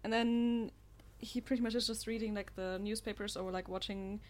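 A woman's voice: medium pitch, fairly even intonation, moderate pace, slight background noise. A woman in a casual group chat, explaining ideas hesitantly with many fillers and teasing her friends. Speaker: podcast co-host.

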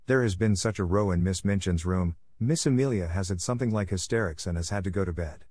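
A man's voice: low voice, a little mellow, no echo, studio quality. Man doing an eager, gossiping schoolgirl. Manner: eager, quick.

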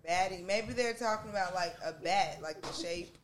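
Expressive voice in an echoey room. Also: medium pitch, moderate pace, a little hiss or hum. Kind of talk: casual chat.

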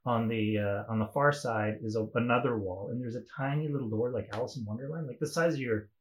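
A man's voice: medium pitch, fast. A young man telling a wild story in a casual chat as a podcast guest, swearing freely and laughing often.

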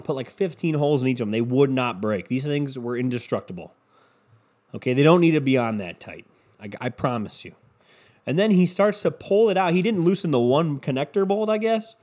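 A man's voice: mid-range voice, a little mellow. A young man hosting his own podcast, telling stories in a casual, rambling, crude comedic way full of swearing. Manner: profane, rambling, crude humor. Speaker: podcast host.

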